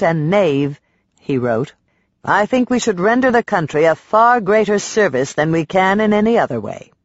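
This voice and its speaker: Man narrating history, slightly high voice. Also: dry recording, lo-fi sound. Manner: measured, lifts and stresses quoted passages. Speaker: audiobook narrator.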